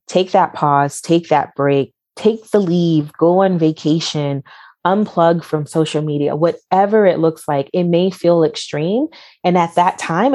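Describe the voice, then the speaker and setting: A woman with a notably low voice gives motivational advice in a podcast interview. She talks emphatically and repeats her key words for effect. The recording is dry and close, with no room sound. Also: a little mellow, no echo. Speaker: guest.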